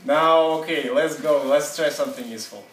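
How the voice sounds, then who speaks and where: Man, native Russian speaker, higher voice, roomy classroom, off-mic. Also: a bit bright. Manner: casual, halting, laughs often. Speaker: seminar teacher. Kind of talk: classroom seminar talk. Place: university classroom. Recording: echoey room from a distance.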